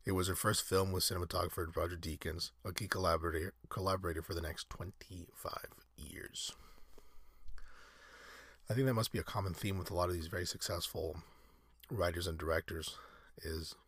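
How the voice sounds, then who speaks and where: A man's voice: sits low, steady tone, fairly quick, a bit bright, slightly rough, no echo, studio quality. A man reading aloud in a casual podcast, often breaking off into rambling, self-correcting asides. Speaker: solo podcaster.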